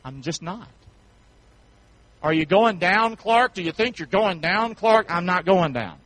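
A man's voice: high voice, animated, unhurried, no echo, poor audio. A man from North Carolina with a Southern accent, preaching a folksy sermon as pastor, calling out to the congregation for amens. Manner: folksy, swings from shouts to soft asides, calls for amens.

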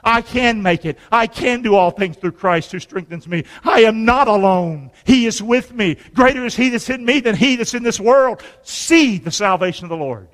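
A male pastor preaching a sermon, lively and conversational, with call-and-response and joking asides. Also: high voice, moderate pace, few pauses. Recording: long hall reverb.

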